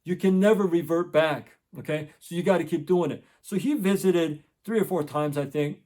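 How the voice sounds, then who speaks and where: A middle-aged tutor who hosts an education channel narrates a story in a casual monologue, earnestly repeating key points for emphasis. His voice is a little high with a darkish tone, and his speed is normal.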